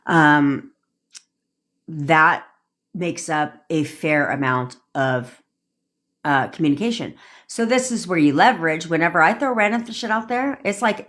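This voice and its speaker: Ranting casually on a phone livestream, a young manifestation coach speaks in a low-pitched, fairly bright voice. She's animated but unhurried, cursing bluntly, sounding cocky, and laughing at her own remarks.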